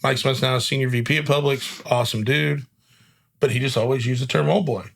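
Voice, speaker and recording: A man's voice: medium pitch, steady tone, a little fast, gravelly, fairly bright tone. A man hosting a casual chat, telling stories in an upbeat, chatty way and often asking "you know what I mean.". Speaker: podcast host.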